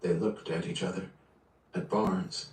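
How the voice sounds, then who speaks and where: Male livestream reader, steady measured narration, roomy distant sound. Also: deep voice. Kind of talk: reading a novel aloud on a livestream.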